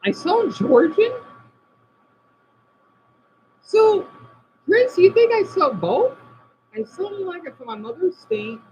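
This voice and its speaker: A man talks casually to his live-stream viewers from home, his voice high and swinging widely in pitch. He answers comments one by one and lets his sentences drop away quietly. The audio is dull and lo-fi, with a faint background hiss. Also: big pitch swings, a little slow. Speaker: livestream host reading chat. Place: indoors at home by a window.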